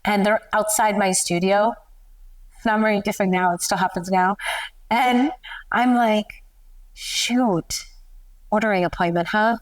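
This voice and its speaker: Middle-aged woman guest, emotional and animated, mid pitch, a little distant from the mic. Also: normal speed, long pauses. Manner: animated, emotional, laughs often. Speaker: guest, newborn photographer. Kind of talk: candid interview storytelling.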